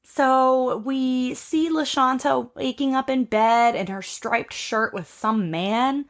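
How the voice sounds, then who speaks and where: A woman's voice: sits high, takes it slowly. Chatty blunt woman podcast host. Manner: chatty, blunt, swears freely. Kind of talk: casual chat.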